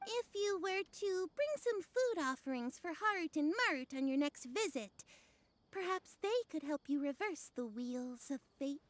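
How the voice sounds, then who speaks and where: An actress voicing a theatrical female fortune teller who speaks in a grand, archaic and drawn-out way. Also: high-pitched, lively intonation, a little hiss or hum. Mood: puzzled.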